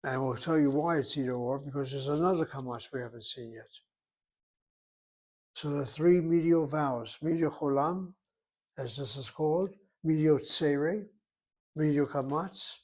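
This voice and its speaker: A man's voice: fairly high pitch, measured pace, darkish tone. An older man teaching a Hebrew lesson, explaining rules methodically and repeating key points as he writes on a board. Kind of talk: classroom lecture at a whiteboard.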